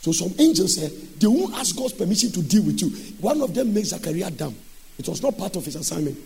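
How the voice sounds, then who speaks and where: Male preacher, animated sermon delivery, high voice. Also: fast talker, creaky, crowd noise. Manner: animated, switching between speech and sung shouting.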